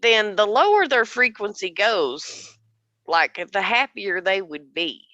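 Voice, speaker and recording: A woman co-hosting a casual podcast chat, animated and laughing often, with restarts as she thinks aloud. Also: medium pitch, takes it slowly, dry recording, highs cut off. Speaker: podcast co-host.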